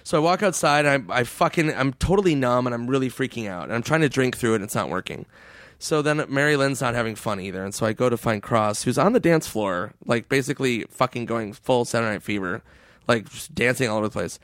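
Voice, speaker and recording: A man telling stories in casual chat, laughing often, swearing and acting out quotes in a higher voice. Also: animated, fast talker, a bit bright, dry recording, studio quality.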